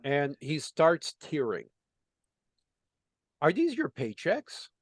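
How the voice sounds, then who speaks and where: A business consultant tells a story in conversation, acting out the dialogue and leaning on lots of "you know" fillers. His voice is a little high with huge pitch swings, and he speaks slowly on a recording with no echo.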